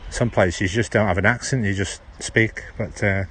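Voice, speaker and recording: On a phone livestream in an outdoor park, a Stoke-on-Trent host with a Potteries accent walks and chats casually, rambling and dropping H's. His voice is lowish, a bit bright and steady, at a moderate pace, with slight background noise.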